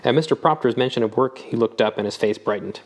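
A man narrating an audiobook with a measured, even reading. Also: mid-range voice.

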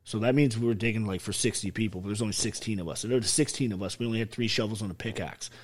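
A man telling stories in a casual chat, animated and heavy on swearing. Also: lowish voice, rapid-fire. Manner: profane, animated storytelling. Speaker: podcast guest.

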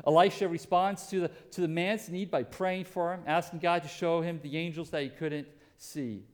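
A man's voice: a little high, fairly even intonation, normal speed, darkish tone. A male pastor preaching a sermon earnestly and emphatically, asking rhetorical questions.

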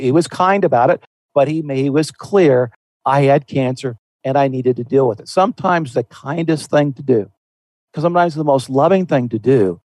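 A man's voice: medium pitch, darkish tone, dry recording, low-quality recording. Earnest man in a dry studio. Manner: earnest, conversational, repeats words when restarting. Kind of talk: Christian talk show conversation.

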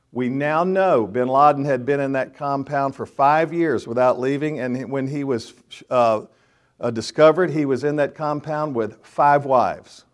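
Folksy joking minister, a man. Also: medium pitch. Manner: folksy, joking, acts out scenes. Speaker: minister speaking to men. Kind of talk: storytelling sermon.

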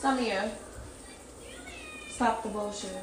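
A woman hosting a podcast from home in casual chat, blunt and profane, scolding loudly at times. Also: medium pitch, steady tone, takes it slowly. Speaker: podcast host. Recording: noisy background.

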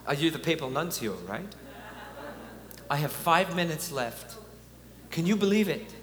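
In a large conference hall, a man offers an earnest, conversational sermon-style talk with chuckles. His voice is a little high, animated and fairly bright, his pace unhurried, and the audio carries hall echo and a faint hum.

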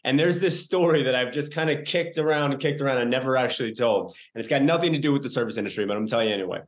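A man's voice: mid-range voice, racing. Rambling, casual podcast host man. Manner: rambling, loose, swears casually, many fillers. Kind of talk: casual chat.

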